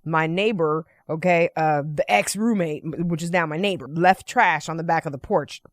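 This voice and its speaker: A woman's voice: deep voice, normal speed, dry recording, studio quality. Chatty woman telling a casual story. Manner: animated, chatty, frequent "right?" and "you know"; playfully profane. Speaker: vlogger.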